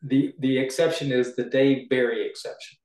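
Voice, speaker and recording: A man's voice: medium pitch, level tone, moderate pace, a little mellow, roomy sound, low-quality recording. A man coaching writers in a casual chat, explaining with homey examples. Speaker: writing coach.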